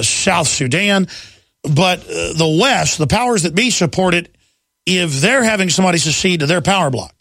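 A man hosting a talk radio show, ranting in a fast, combative way and slipping into mocking impressions. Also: on the high side, creaky, fairly bright tone, no echo. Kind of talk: heated political talk radio monologue.

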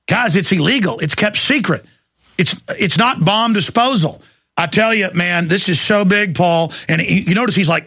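A man hosting a talk radio show, talking in an intense, rapid rush and mimicking others in mocking quotes. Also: sits high, animated, gravelly, sharp tone, dry recording.

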